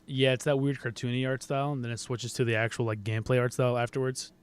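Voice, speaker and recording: A man co-hosting a casual gaming podcast, joking and laughing often in quick banter. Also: mid-range voice, level tone, clean tone. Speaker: podcast co-host.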